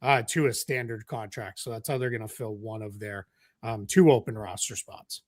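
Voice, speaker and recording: A man's voice: lowish voice, fairly even intonation, normal speed, dry recording, clean studio sound. A man co-hosting a live basketball show who talks loosely, with lots of fillers. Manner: loose, filler-heavy talk. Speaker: podcast co-host. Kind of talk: live basketball analysis chat.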